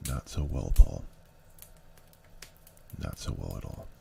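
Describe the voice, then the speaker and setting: A man reading the part of a cultured older Southern prison warden in his fifties, soft and worried, in an ASMR audiobook reading. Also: very deep voice, slow pace, vocal fry, background noise, voice pushed down, heavily acted. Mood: weary, worried. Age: 50s. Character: older male prison warden, weary and gentle. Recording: steady keyboard clicks behind.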